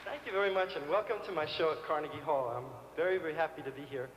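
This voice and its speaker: A man with a high voice performs live before an audience, coaxing them along with a childlike manner. His voice rings out with a long reverb in the hall. Audience noise is clearly heard behind him. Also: lively intonation, very fast, fairly bright tone. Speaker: comedian performing on stage. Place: large concert hall stage.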